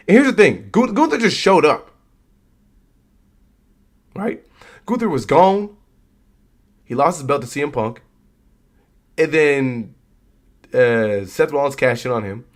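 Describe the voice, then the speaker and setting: A young man hosting a live stream, chatting casually with his viewers about wrestling in a laid-back, slangy way. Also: mid-range voice. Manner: laid-back, slangy, talks straight to chat.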